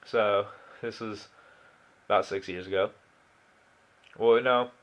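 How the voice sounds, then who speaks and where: A man's voice: fairly low pitch, steady tone, takes it slowly. A nineteen-year-old man telling a story in a casual, rambling way, with lots of swearing, fillers and restarts.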